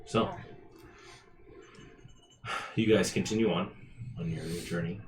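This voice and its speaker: A man's voice: sits low, fairly even intonation, takes it slowly, darkish tone, a little hiss or hum. A man narrating as game master, loose and joking, often laughing. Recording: roomy sound with music behind. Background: music.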